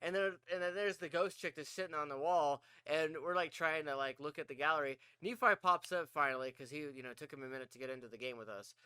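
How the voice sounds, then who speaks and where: Animated bright-voiced man telling a story. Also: a little high, quick pace, hardly any pauses, smooth, no room sound. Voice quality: animated, swears a lot, acts out his own yelps. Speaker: podcast host. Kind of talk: casual storytelling chat.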